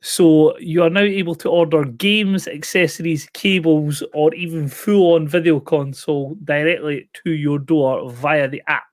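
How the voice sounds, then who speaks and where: A man's voice: a little high, fairly even intonation, measured pace, few pauses, no room sound. A man co-hosting a gaming podcast, presenting stories in an upbeat, jokey chat. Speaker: podcast co-host. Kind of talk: casual chat.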